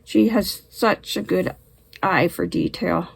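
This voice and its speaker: Speaking slowly in a fairly low voice, a woman hosts a relaxed knitting vlog at home in Canada. She's still short of breath from illness, coughing and clearing her throat occasionally as she chats warmly. The audio is poor.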